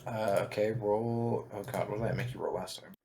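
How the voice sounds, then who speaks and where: A man's voice: lowish voice, steady tone, moderate pace, gravelly, dark tone, a little hiss or hum, low-quality recording. A man narrating as dungeon master in a tabletop game, talking loosely with many fillers and restarts.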